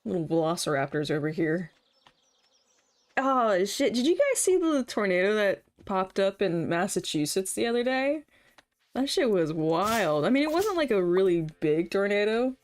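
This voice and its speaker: A woman's voice: medium pitch, very animated, normal speed. Chatty laughing woman streamer. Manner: chatty, laughs often, swears casually, quotes comedy bits in put-on voices. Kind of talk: casual chat while streaming a farming game.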